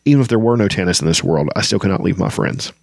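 Man voicing an earnest elf woman, soft-spoken, a little higher than his own low voice, storybook reading, dry sound. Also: animated, quick pace, vocal fry, dry recording, heavily acted. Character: young elven woman, earnest and determined.

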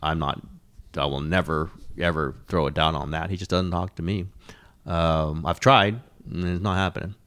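A middle-aged man hosting a casual sports talk show, rambling and animated, with frequent restarts and the odd swear. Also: low-pitched, normal speed. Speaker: sports columnist and podcast host.

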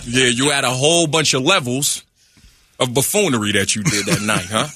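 A man doing an impression of a famous older male film actor, talking slowly and teasingly and tagging lines with "huh?". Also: medium pitch, sharp tone, breathy edge, dry recording. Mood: sly. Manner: slow, teasing, keeps asking "huh?". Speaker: comedian guest. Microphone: studio microphone.

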